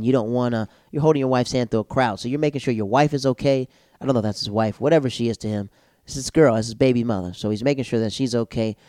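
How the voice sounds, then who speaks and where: A stand-up comedian telling a casual comic story, animated and jumping into loud, high-pitched voices when he quotes people. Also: no echo, clean studio sound.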